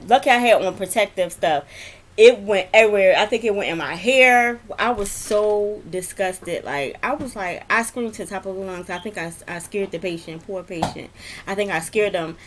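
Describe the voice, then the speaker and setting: Young woman, casual vlog, rambling, lots of fillers, nurse stories. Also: mid-range voice. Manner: chatty, rambling, with frequent fillers and laughs. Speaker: vlogger, nurse.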